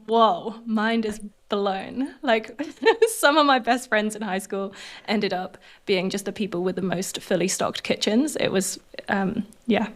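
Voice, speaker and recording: A woman with a posh southern English accent, a podcast guest talking in an earnest, animated way. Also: medium pitch, measured pace. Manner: earnest, animated, laughs often. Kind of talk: reflective interview conversation.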